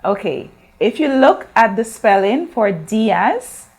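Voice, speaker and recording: Slow, patient woman teaching a lesson. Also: on the high side, very animated, darkish tone. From Guyana. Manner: slow, drawn-out modeling of words for repetition; patient, instructive, asks questions to the class. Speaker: Spanish teacher. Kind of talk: recorded classroom lesson.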